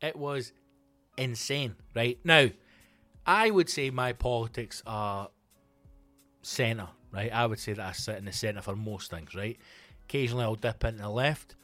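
A middle-aged Scottish man and comedy podcast host, ranting in a loose, sweary, animated monologue. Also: medium pitch, a little slow, no echo, faint music behind. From Scotland.

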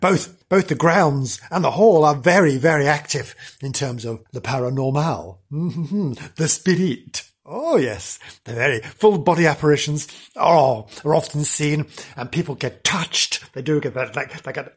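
A man from Wales hosting, telling ghost stories in a hammy, mock-spooky way with drawn-out sighs. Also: a little high, lively intonation, husky. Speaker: host. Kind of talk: comic spooky storytelling.

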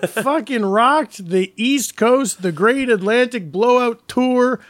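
A man co-hosting a comedy podcast, tossing out silly and crude jokes in a deadpan way. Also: extremely high pitch, slow, no echo, clean studio sound. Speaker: podcast co-host. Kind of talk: casual comedic banter.

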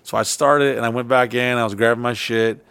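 A man's voice: mid-range voice, steady tone, brisk, gravelly, a bit bright, smooth, no room sound. A man hosting a podcast, telling rambling stories in casual, profane chat. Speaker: podcast host.

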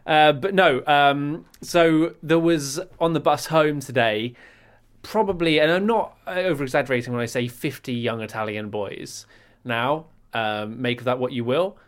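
English male podcast co-host, mid-pitched, rambling comic storyteller. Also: moderate pace, clear, resonant tone. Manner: rambling storyteller, self-mocking, bursts into loud repeated lines. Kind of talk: casual chat.

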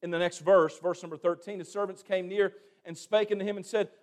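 A man preaching with a high-pitched voice. He tells the scripture in a folksy, dramatic way, acting out the characters and calling for amens from the congregation. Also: fairly even intonation, a little fast, hardly any pauses. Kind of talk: sermon.

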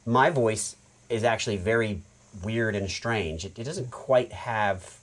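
A man with an American accent, a voice actor guest telling animated stories in a casual podcast chat. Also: fairly low pitch, measured pace. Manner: animated storyteller, acts out quotes.

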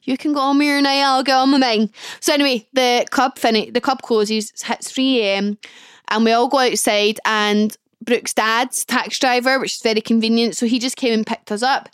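A woman's voice: a little high, fairly even intonation, moderate pace, smooth, dry recording, clean studio sound. A woman in her twenties hosting a podcast, telling a story casually and chattily, full of "like" and acting out her own thoughts. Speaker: podcast host.

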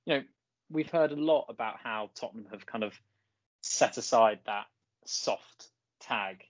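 A man chats about football as a podcast co-host, full of "you know" and little restarts. The sound is dry and close, with slightly muffled highs. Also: unhurried, dry recording. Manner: chatty, many fillers and restarts. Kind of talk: casual football chat.

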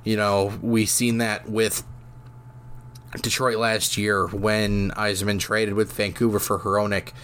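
A man's voice: lowish voice, little pitch movement, takes it slowly, a bit bright, clean tone. Guy w hiccups rambling thru hockey talk on his podcast, lots of ums and restarts. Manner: casual, rambling, many fillers and restarts. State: has the hiccups. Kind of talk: solo sports podcast talk.

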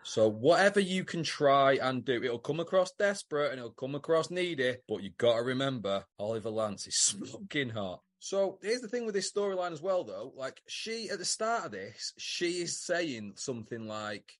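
A man co-hosting a podcast, chatting casually, animated and swearing freely with loud outbursts. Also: medium pitch, moderate pace, hardly any pauses. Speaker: podcast co-host.

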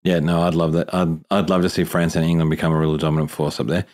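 Deep fast-talking co-host. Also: male voice, level tone, a little mellow. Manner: eager, chatty, quick to react. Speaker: podcast co-host. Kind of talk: casual call-in chat.

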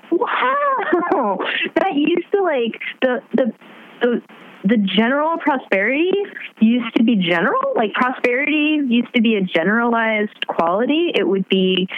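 A woman chatting casually on a podcast, animated and laughing, with her pitch swooping as she talks. The audio is slightly dull and muffled. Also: a little hiss or hum. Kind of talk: casual chat.

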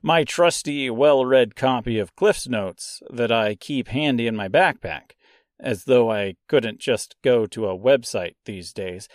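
A man's voice: mid-range voice, a little slow, dry recording, clean studio sound. A man hosting a podcast, giving casual, wry commentary on a classic poem with self-deprecating asides. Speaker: podcast host.

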